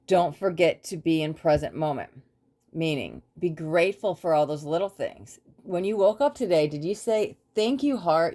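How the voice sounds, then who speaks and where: A woman's voice: deep voice, darkish tone. A woman doing a tarot reading for her viewers, talking in an earnest, rambling way and often checking in with "right?". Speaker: tarot reader. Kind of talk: casual spiritual talk to camera.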